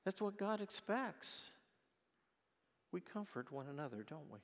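A male pastor preaching a sermon, telling stories with passion and then praying quietly. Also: high voice, big pitch swings, unhurried, in a large hall. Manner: impassioned storytelling, closing in quiet prayer. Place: church.

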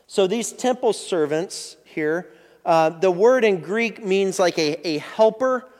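A man's voice: high voice, expressive, takes it slowly, darkish tone, long reverb tail. A man preaching a sermon as a pastor, explaining a passage in a conversational teaching manner with frequent restarts.

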